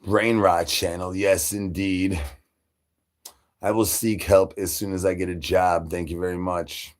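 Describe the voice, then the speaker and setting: A man's voice: low voice, level tone, unhurried. A man delivering absurd comedy, rambling through nonsense with rhyming wordplay and stutters. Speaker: comedy channel creator.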